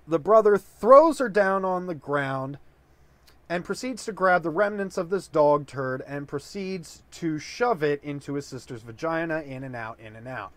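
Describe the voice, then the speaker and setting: A man's voice: on the high side, no room sound. A drunk man improvising a long dirty joke, rambling with many fillers. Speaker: comedic storyteller.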